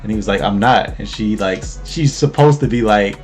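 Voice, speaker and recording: A man's voice: on the low side, a little fast, faint music behind. A man casually recapping an anime episode as host, laid-back and slangy, laughing as he tells it.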